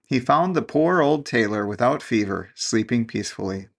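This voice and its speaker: Male storyteller, storybook narration, gentle, measured, gravelly, mid pitch. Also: expressive.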